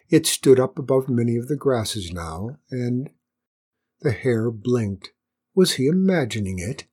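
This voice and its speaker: A woman narrating a children's story with gentle, wry asides. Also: a bass voice, expressive, unhurried, breathy edge.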